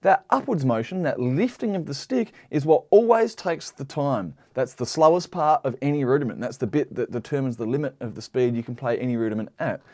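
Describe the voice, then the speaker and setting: A man walks through drum technique as an instructor in a steady mid-range voice. He explains patiently, counts the strokes aloud while he demonstrates, and keeps checking that the listener is following. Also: medium pitch, brisk, few pauses. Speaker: drum teacher. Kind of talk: instructional lesson.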